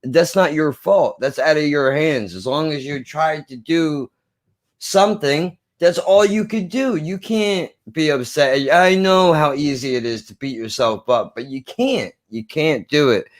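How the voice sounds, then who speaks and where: A man talks through a film in casual conversation with a friend. He is earnest and impassioned, and he swears to drive his points home. His voice sits somewhat high for a man. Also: unhurried. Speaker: film review co-host.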